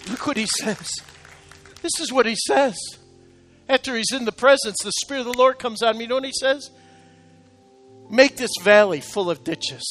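A man preaching an emotional sermon to his congregation, urging them on and rising to shouted exhortation. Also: very high voice, moderate pace, long pauses, faint music behind. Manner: calls out to congregation, repeats "come on". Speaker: pastor. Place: church sanctuary, live service.

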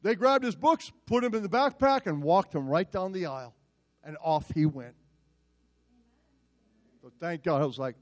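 Male pastor, self-mocking storyteller, slightly high voice, lively sermon delivery. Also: normal speed, long pauses.

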